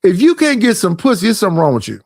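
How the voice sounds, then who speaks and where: A man's voice: high voice, huge pitch swings, rapid-fire, creaky, no room sound, clean studio sound. A man streaming reaction commentary in a blunt, profane, ranting manner, with speech.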